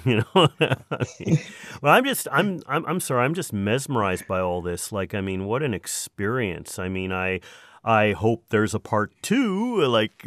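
A man's voice: medium pitch, no echo, clean studio sound. A man hosting a podcast, asking questions in a casual chat and cracking playful jokes. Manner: playful, jokey interjections. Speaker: podcast host.

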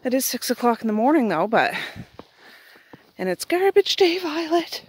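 A woman's voice: high-pitched, sing-song, moderate pace, slightly rough. Middle-aged nova scotia lady vlogging, rambly and chatty, keeps correcting herself. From Nova Scotia, Canada. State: out of breath. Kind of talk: casual chat. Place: outdoors in snow at dawn.

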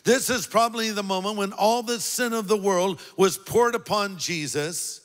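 A man preaching a sermon as a pastor, earnest and deliberate, leaning on key words. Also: high voice, big-room sound.

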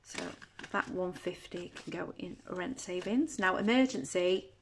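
A woman chatting casually at home as a budgeting vlogger, counting banknotes aloud in a steady patter. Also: fairly low pitch, unhurried, a little hiss or hum. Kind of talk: casual chat while counting cash.

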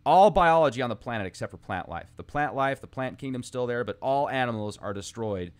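A man's voice: mid-range voice, lively intonation, fairly quick, clean tone. A man hosting a podcast, musing aloud in a rambling, casual monologue with asides, reading old texts aloud between his thoughts. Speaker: podcast host.

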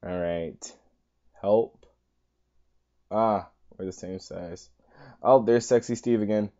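A man giving let's play commentary on a game, talking to the screen, coaxing and pleading over and over, with sudden high exasperated outbursts. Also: slow, warm tone, muffled recording. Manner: talks to the game, pleading and coaxing with lots of repetition; exasperated outbursts, voice jumping high when upset. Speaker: gaming channel host.

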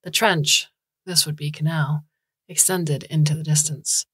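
A woman narrating a science fiction short story in a calm, even storytelling manner. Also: low voice, measured pace, breathy edge, dry recording. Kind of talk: scripted audiobook narration.

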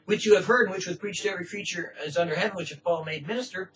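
A man preaching a sermon with passion, swinging from loud cries to hushed pleading in a church. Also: sits high, quick pace. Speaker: pastor. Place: church sanctuary. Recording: distant, muffled church recording.

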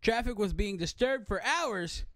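High, lively young man in casual banter. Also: unhurried, dry recording, studio quality. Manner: laughs often, breaks into mock gangster voices. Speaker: podcast co-host. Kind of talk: casual comedic chat.

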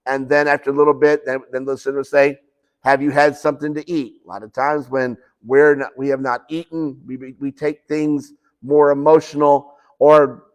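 A man's voice: mid-range voice, level tone, moderate pace, clean tone. A man preaching a conversational sermon in a church, often restarting phrases and acting out quoted conversations. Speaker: pastor. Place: church sanctuary.

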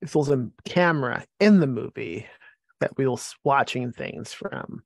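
A man's voice: mid-range voice, animated, a little slow, gravelly, no room sound, studio quality. A man appearing as a podcast guest, chatting casually with irreverent, crude, wry humor. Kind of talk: casual joking chat.

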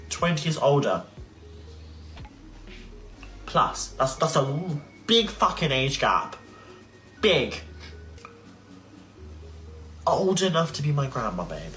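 A young man in his twenties, heated and indignant, swearing freely as he rants to a livestream audience. His voice sits at an ordinary middle pitch. Faint music plays underneath. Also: a bit bright. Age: 20s. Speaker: social media creator on a livestream. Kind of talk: emotional livestream rant.

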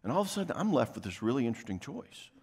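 A man giving a casual workshop talk at a marriage conference in a church, conversational and full of quick asides. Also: medium pitch, big pitch swings, a little mellow, breathy edge. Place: church venue, live talk. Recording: long hall reverb.

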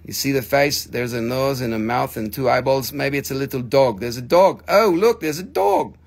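An American man hosting a casual live sales stream of crystals, animated and swearing, slipping into silly voices. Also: mid-range voice, moderate pace. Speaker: live-sale host.

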